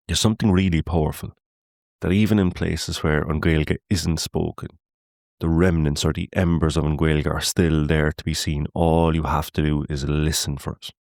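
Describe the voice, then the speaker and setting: A man's voice: very deep voice, no echo, studio quality. A man with a Cork Irish accent, hosting a podcast as an earnest, explanatory monologue. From Ireland. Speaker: podcast host.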